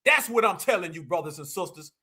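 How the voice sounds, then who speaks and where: Quick and lively in intonation, his high, bright voice carries force and a breathy edge. He's a man hosting a political stream, preaching repetitively in a fiery rant and repeatedly calling the audience family.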